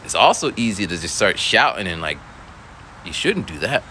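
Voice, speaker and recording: Animated man rambling with bright voice. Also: low voice, moderate pace, slight background noise. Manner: rambling, animated, with many restarts and voiced quotes. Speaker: school teacher. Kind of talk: casual storytelling monologue.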